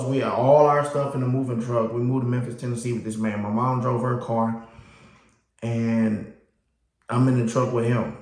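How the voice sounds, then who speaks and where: A man telling his life story casually to the camera, as an animated storyteller whose voice jumps up high when he acts out his younger self. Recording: echoey room.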